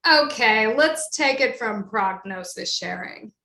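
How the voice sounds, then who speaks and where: A woman plays a brisk, bossy video director in a solo stage show. The voice is pitched high and snaps out quick instructions, and a roomy echo hangs around it. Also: expressive, vocal fry, pushed and bright, heavily acted.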